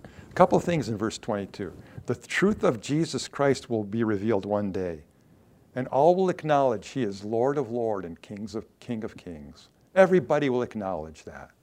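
A male pastor preaching a sermon, reading scripture aloud with dramatic quoted lines and dropping to a low, earnest voice. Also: sing-song, moderate pace, a little mellow.

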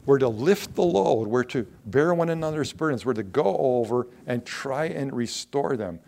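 A man preaching a sermon, reading scripture aloud and explaining it, with emphatic bursts and quiet asides. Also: medium pitch, lively intonation, normal speed, gravelly. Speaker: pastor.

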